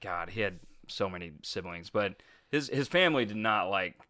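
A man's voice: fairly low pitch, expressive, moderate pace, sharp tone, no room sound, studio quality. A man co-hosting a podcast, telling a history story in a casual chat, laughing often and filling with "like". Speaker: podcast co-host.

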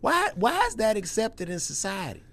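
A young man, hosting a casual podcast chat and telling stories in an animated, profane way. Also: normal speed, creaky. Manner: animated storyteller, acts out voices with loud jumps in pitch, profane.

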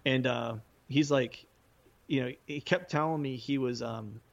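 A man's voice: mid-range voice, unhurried, vocal fry, lo-fi sound. A man, a musician, telling a loose story in casual talk, full of fillers and frequent laughs. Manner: rambling, peppered with fillers, laughing often.

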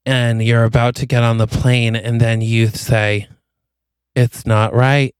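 A man co-hosting a podcast, improvising a romantic movie plot, telling it deadpan in the second person. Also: medium pitch, measured pace, clean tone, no echo. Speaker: podcast co-host. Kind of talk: improvised comedic storytelling.

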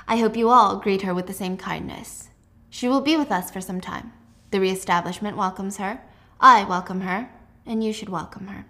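A woman reading the lines of a cold, ruthless young male military commander in a calm, commanding way, close to her own voice. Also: medium pitch, moderate pace. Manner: calm, commanding, casually cruel.

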